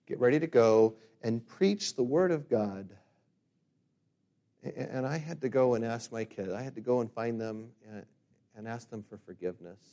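Preaching man, loud emphatic peaks and quiet pulls back. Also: medium pitch. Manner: builds to loud emphatic peaks, then drops to quiet reflection; reads scripture slowly and forcefully. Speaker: pastor. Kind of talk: sermon.

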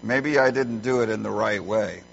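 A middle-aged man preaching a sermon as a pastor, emphatic and animated when telling stories. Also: lowish voice, normal speed, gravelly, slight background noise. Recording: dull lo-fi sound.

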